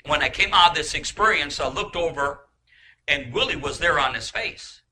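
Male preacher with a high voice, impassioned testimony, repetitive and rising to shouts, over audible background noise. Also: expressive, moderate pace, low-quality recording. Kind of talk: emotional sermon testimony.

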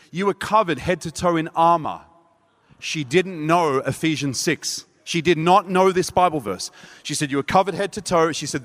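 High-voiced animated preacher in reverb. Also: male voice. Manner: animated, acts out quotes, laughs at himself. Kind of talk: sermon with storytelling. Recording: long hall reverb.

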